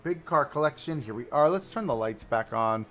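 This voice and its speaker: A man live-streaming a park-building game, chatting and thinking aloud as he browses and places items, swinging between excited outbursts and low mutters. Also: moderate pace, faint music behind. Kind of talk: casual live-stream commentary while building.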